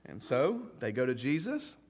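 A man preaching a sermon as pastor, in a lively, folksy way, often acting out the voices of the people in his story. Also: medium pitch, moderate pace, breathy edge.

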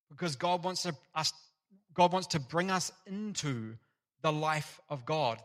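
A man preaching an earnest, animated sermon in a church. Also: fairly high pitch. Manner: earnest, animated, acts out parable voices.

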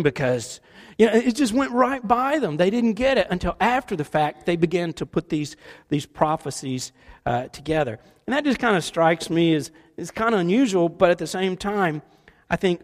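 A middle-aged man preaching a sermon, animated in his storytelling and shifting between loud and hushed delivery. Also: sits high, moderate pace. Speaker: pastor. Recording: long hall reverb.

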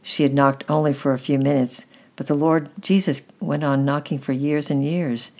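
A woman gently reading a children's story aloud at an unhurried pace. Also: sits low, fairly even intonation.

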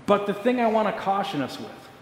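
A man's voice: high-pitched, sing-song, a little fast. A man preaching a sermon as pastor, talking casually and cracking a joke. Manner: casual, joking. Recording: echoey hall, faint noise.

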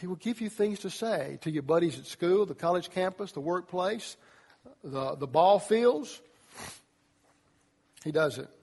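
A man preaching a sermon to young people as a youth pastor, animated, acting out voices as he tells the story. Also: high voice, unhurried, gravelly, long pauses, breathy edge. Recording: long reverb of a large hall.

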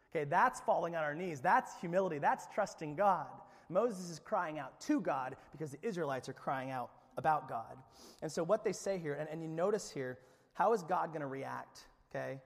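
A male pastor preaching a sermon, dropping to a hush and then rising loud as he acts out the voices of the story. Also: a little high, a little fast, in a large hall. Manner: animated preaching, swings from hushed to loud, acts out biblical voices.

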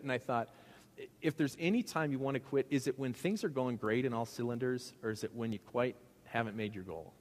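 A man's voice: mid-range voice, fairly quick, darkish tone, big-room sound. A male pastor giving a sermon in a conversational, joking way, asking the congregation questions.

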